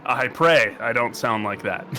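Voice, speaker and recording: A man's voice: mid-range voice, sharp tone, faint music behind. A man with an American accent giving casual, joking commentary on a sim race. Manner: jokey, rambling, quick to banter. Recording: noisy stream audio.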